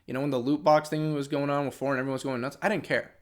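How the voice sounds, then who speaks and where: A man's voice: mid-range voice, flat delivery, racing. A man hosting a gaming channel, ranting in an unscripted vlog, frustrated and sarcastic, and losing his voice. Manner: frustrated and sarcastic, with many restarts.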